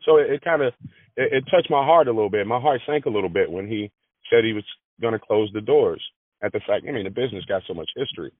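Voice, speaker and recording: A man talks in an interview with a fairly low voice, often repeating himself and starting sentences over. The sound is dry and tinny, like a phone call. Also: animated, fast, slightly rough, no room sound. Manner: repeats words, restarts phrases. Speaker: granite business manager. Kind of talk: interview conversation.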